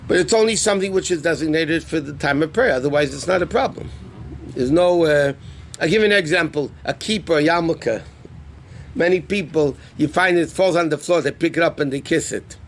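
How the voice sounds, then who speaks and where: A rabbi teaching a live class on Jewish law, explaining terms conversationally and asking the class questions. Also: male voice, fairly high pitch, brisk, a little hiss or hum. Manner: answers student questions.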